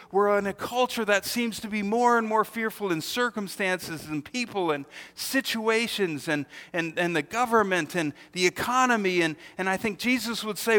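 Bright-voiced preacher man in a reverberant hall. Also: high voice. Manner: emphatic preaching with rhetorical questions and acted-out quotes. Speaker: pastor. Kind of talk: sermon.

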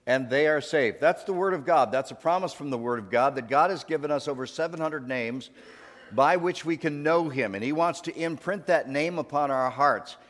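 A man's voice: a little high, moderate pace, a bit bright. A male pastor preaching a sermon in a church, talking in a conversational way and leading the congregation in call-and-response. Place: church sanctuary. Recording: long hall reverb.

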